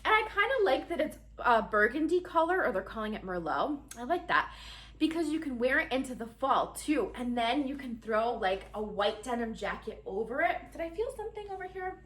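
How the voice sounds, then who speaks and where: A woman's voice: a little high, big pitch swings, a little fast, a bit bright, roomy sound, recorded from a distance. A woman chatting casually and giggling through a try-on haul, talking straight to her viewers. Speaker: fashion vlogger.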